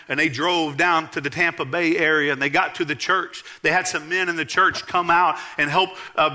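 A man preaches a sermon as a story, pitched high, with a very bright, cutting tone. He speaks in an animated way and builds to excited exclamations.

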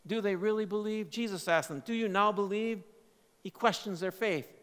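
A man preaching a sermon, swinging between loud emphatic lines and quiet, low asides. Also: moderate pace, clear, resonant tone. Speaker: pastor. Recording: long hall reverb.

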